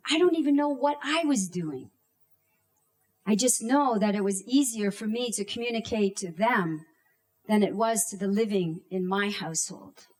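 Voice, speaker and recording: A woman in her thirties from Canada, telling a personal story on stage in a slow, deliberate way with dramatic pauses and acted-out shouts. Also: medium pitch.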